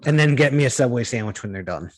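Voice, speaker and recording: A man's voice: medium pitch, lively intonation, fast, husky. Profane ranting podcast co-host man. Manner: profane, ranting, rambling with restarts. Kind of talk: casual podcast banter.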